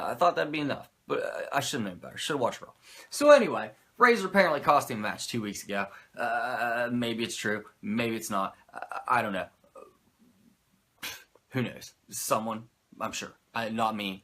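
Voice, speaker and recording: A man who reviews wrestling shows in a loose, rambling way, swearing freely and mocking himself. His pitch swings widely and his voice has a bright edge. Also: expressive, moderate pace. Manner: rambling, profane, self-mocking. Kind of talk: casual commentary.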